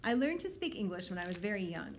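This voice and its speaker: A woman librarian reading a children's novel aloud in a clear, steady storytelling manner. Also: medium pitch, fast talker, a little hiss or hum.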